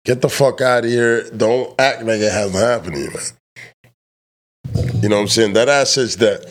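A man hosting a casual podcast, a truck driver who talks loud, jokes and swears freely while teasing his guest. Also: lowish voice, measured pace. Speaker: podcast host. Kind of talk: casual profane podcast chat.

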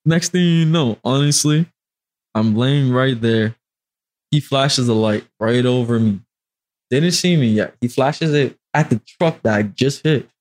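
A man from Brooklyn, a podcast guest telling an animated, profanity-laced story. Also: mid-range voice, unhurried. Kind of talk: casual storytelling.

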